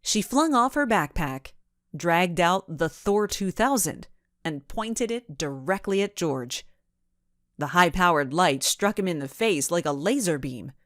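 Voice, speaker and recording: Woman reading a kids audiobook, low voice, slow and expressive, dry close sound. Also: dry recording. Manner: expressive, measured. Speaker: audiobook narrator. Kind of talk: scripted storybook narration.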